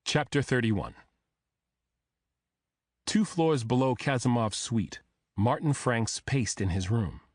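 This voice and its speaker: A man narrating a thriller audiobook in the first person, telling the story in a measured, even way. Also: medium pitch, no room sound, studio quality.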